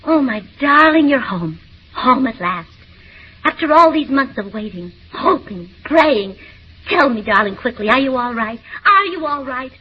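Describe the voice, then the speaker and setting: A woman's voice: high voice, expressive, measured pace, slight background noise. A woman in a 1940s radio comedy, playing a gushing, overwrought young wife welcoming her soldier home. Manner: overwrought, gushing, sobbing, then laughing. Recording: dull old radio recording.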